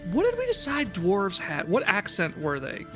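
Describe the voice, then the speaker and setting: A woman's voice: medium pitch, huge pitch swings, music in the background. Giggly woman running a tabletop game. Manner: giggly, halting, many fillers. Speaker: game master.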